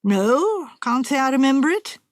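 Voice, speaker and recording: A woman reader voicing a weary middle-aged husband, lowering and softening her voice to a dry, subdued tone. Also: big pitch swings, moderate pace, no echo.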